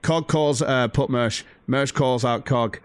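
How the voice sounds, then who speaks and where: A man's voice: mid-range voice, takes it slowly, clean tone. A man hosting a livestream, ranting heatedly and profanely about a rival streamer and reading out viewer donations. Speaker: stream host.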